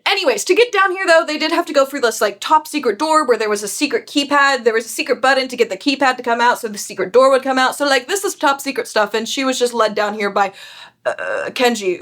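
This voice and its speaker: A young woman with a high voice recaps a book in loose, casual talk. She is sarcastic and makes offhand asides as she goes. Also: a bit bright. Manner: chatty, sarcastic, laughs often. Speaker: book vlogger.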